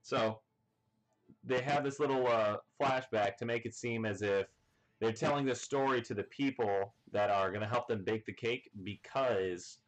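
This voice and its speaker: Man, lowish voice, casual comic recap, rambling, filler words, excitable. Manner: rambling, full of "you know" and "like" fillers; excited, acts out characters' lines. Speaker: manga reviewer.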